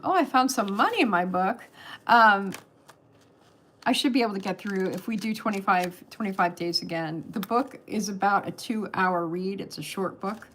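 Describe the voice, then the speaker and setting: Chatting loosely into her webcam, a Californian woman of older age hosts a relaxed livestream with frequent laughter. She has a mid-range, fairly bright voice.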